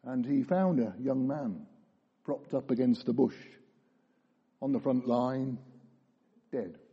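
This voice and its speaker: A man preaching a sermon, telling stories with emphasis and slowing down for key phrases. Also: medium pitch, breathy edge. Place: church. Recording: dull echoey church recording.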